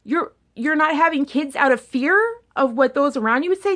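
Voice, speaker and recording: A young adult woman vlogger talking politics in a rambling, animated monologue that often repeats words. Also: high voice, moderate pace, few pauses. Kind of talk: casual opinion monologue.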